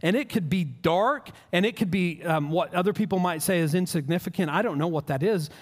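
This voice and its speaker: Earnest high-voiced male preacher. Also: fairly quick, long reverb tail. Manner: earnest, conversational, repeats words as he restarts. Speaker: pastor. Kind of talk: sermon.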